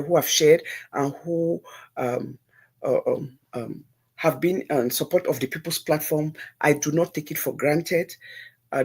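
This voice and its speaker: A middle-aged woman with a Nigerian accent hosts a live call-in stream with an earnest, pleading manner. Her voice is husky and a little rough, and she repeats her points and drops into pidgin. She talks to her listeners directly. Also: sits low, darkish tone. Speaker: livestream host.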